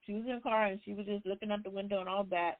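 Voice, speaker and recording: Woman retelling a novel, relaxed and chatty, phone-line sound. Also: medium pitch, very fast. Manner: retells the story loosely with conversational fillers. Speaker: book discussion host. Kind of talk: casual book recap.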